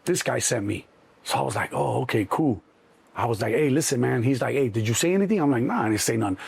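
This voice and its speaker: A middle-aged man with a Chicago accent, telling a story in an interview, animated and swearing freely, acting out the other voices. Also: medium pitch, quick pace, gravelly, husky. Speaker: interview guest. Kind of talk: casual storytelling.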